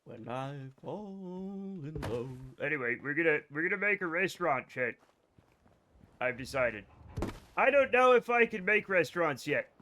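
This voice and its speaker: Game streamer, young man, bright high voice, bantering with chat, keyboard clicks behind. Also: moderate pace, pauses often, slight background noise. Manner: excitable, bantering with chat, sudden outbursts. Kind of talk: casual live gameplay commentary.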